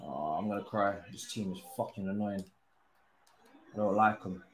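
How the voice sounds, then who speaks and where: Exasperated young man, low voice, echoey. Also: normal speed, a little hiss or hum. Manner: exasperated, swearing, frequent sighs. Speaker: gaming streamer. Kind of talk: live gameplay commentary.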